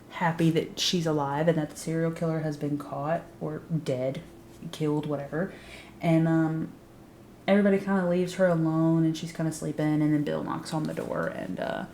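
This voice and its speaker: A YouTube recap host breaks down a TV show in a relaxed, sarcastic way, cursing liberally and leaning on "like" over and over. Her voice sits low and mellow, and the room is echoey with a little background noise.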